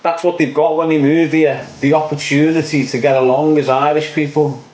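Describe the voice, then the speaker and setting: A man's voice: a little high, flat delivery, brisk, a little mellow, poor audio. A young man with a Liverpool accent, ranting opinions on his online show in a casual, repetitive way, ending lines with "mate". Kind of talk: casual livestream rant.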